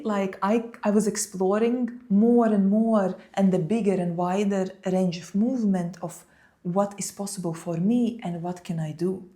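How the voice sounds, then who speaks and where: Calm, mellow-voiced woman telling a story. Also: medium pitch. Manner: calm, unhurried, speaks with many "like" fillers. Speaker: yoga and meditation teacher. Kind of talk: reflective personal storytelling.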